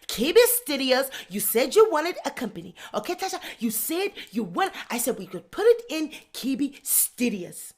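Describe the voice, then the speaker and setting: A woman's voice: high voice, bright, forceful tone, pitched below the performer's own voice, full character voice. A woman voicing a meek, defensive foreign husband who makes repetitive pleading excuses in a comedic skit.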